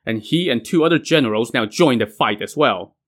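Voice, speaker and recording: A male host retelling an old legend with a wry, colloquial touch. His voice sits at an average pitch for a man, and he narrates with a relaxed, conversational flow. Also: fairly quick. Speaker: storyteller. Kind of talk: casual retelling of myth.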